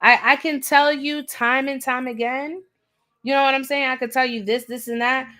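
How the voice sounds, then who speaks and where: Woman, tarot reader on a live stream, blunt, scolding, slangy, repeats herself, slightly high voice. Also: fairly even intonation, normal speed, pushed and bright.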